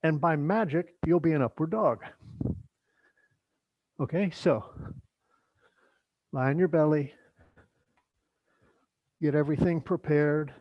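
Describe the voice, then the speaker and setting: A middle-aged man leading a yoga workshop, giving instructions in a relaxed, chatty way with joking asides. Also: fairly high pitch, slow pace, long pauses, no room sound, lo-fi sound. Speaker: yoga teacher.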